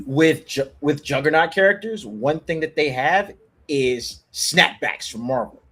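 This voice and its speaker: A man's voice: on the high side, expressive, measured pace, fairly bright tone, breathy edge, faint music behind. A man co-hosting a fighting game stream, explaining controls and mechanics casually with many fillers and chuckles. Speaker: co-host. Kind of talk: casual gameplay chat.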